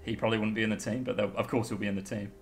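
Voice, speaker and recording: A man's voice: fairly low pitch, flat delivery, rapid-fire, soft background music. A young man, giving blunt, casual rugby opinions with swearing and frequent laughs. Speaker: guest pundit.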